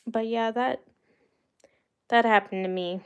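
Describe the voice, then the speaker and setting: Slow-paced and smooth, this woman's voice is a little high with fairly even intonation, though the audio is dull. She's a young American adult hosting a livestream, chatting casually to live viewers through rambling personal stories and laughing now and then.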